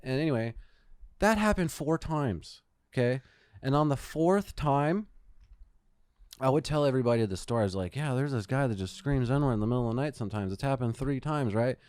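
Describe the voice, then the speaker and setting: Smooth-voiced man telling profane stories. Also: mid-range voice, animated, fairly quick, darkish tone, dry recording. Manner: profane storytelling, swears a lot. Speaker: podcast host. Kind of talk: casual chat. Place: Phoenix, Arizona.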